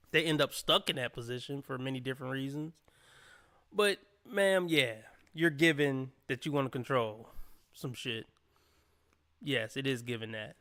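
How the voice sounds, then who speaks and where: A man's voice: mid-range voice, measured pace, long pauses, bright, forceful tone. A man commenting on a clip during a livestream, blunt and profane, mocking people by quoting them.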